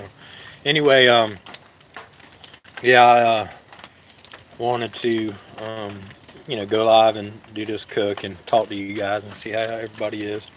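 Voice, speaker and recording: A man hosting a live cooking stream, talking casually to viewers in a halting, easygoing way with many fillers. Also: on the low side, fairly even intonation, fairly bright tone, slight background noise, low-quality recording.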